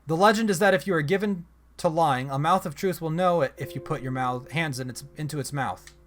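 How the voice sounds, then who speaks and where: A man's voice: a little high, brisk, a bit bright. A man hosting a let's play, reading a text adventure aloud in a casual style and breaking off for chatty asides and self-corrections. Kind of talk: casual game narration with asides.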